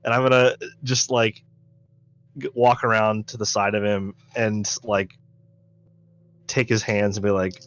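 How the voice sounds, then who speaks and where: A man's voice: lowish voice, little pitch movement, unhurried, pauses often, fairly bright tone. Laid-back man playing a tabletop game. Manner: casual, laughing often, rambling. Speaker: player.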